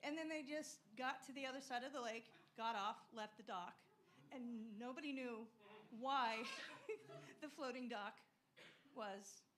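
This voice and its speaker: A mother tells a story at a church ceremony with amusement in her voice. Her voice sits a little high, with faint room sound behind it. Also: unhurried, fairly bright tone, a little hiss or hum. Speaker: parent of a scout. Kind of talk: informal speech at a ceremony.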